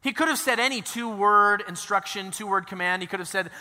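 A male pastor preaching in a high, bright voice, talking through the story like a friendly chat with asides tossed in. His sermon rings out with a long reverb, as in a big church hall. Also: brisk. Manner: conversational, animated storytelling with asides.

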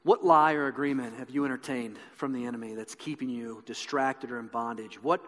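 A man's voice: medium pitch, fairly even intonation, a little fast, fairly bright tone. A man preaching a sermon in an earnest storytelling manner. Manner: earnest storytelling, building intensity. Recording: echoey hall with long reverb.

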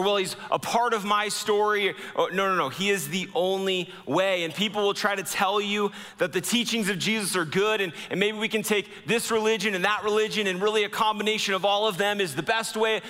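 A man preaches a sermon in a church sanctuary, his voice bright and somewhat high for a man. He talks earnestly and slows down, dropping low to drive home key points. A long hall reverb trails each phrase. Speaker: pastor.

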